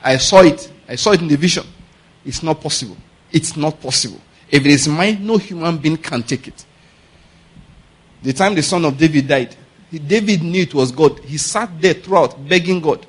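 Husky pastor preaching. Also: male voice, fairly high pitch, moderate pace. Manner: conversational preaching, keeps asking if the audience gets his point. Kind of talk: sermon.

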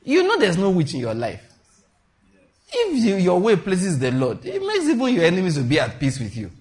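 Lively preacher man. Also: high voice, moderate pace. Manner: emphatic, repetitive preaching with call and response. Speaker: pastor. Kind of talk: sermon.

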